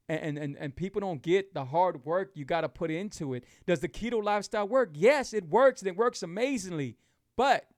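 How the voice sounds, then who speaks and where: A middle-aged man with a drawl sits close to the mic and talks to his viewers in a casual live chat. His voice sits unusually high for a man, and the sound is dry and close, with no room around it. He hammers his points home and repeats them like a preacher. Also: no echo. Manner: emphatic, repetitive, preachy encouragement. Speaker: host of a keto lifestyle show.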